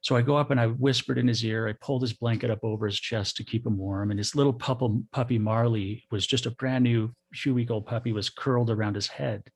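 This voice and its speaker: Middle-aged male guest, gravelly husky voice, soft, halting, reflective. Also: mid-range voice. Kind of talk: personal storytelling.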